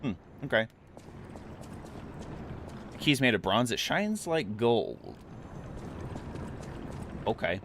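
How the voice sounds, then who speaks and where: A man's voice: mid-range voice, sing-song, slow, long pauses, a bit bright, a little hiss or hum. A man streaming a game, chatting casually with his viewers with lots of fillers. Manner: chatty, talks to chat, frequent fillers. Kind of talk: casual gameplay commentary. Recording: game music playing behind.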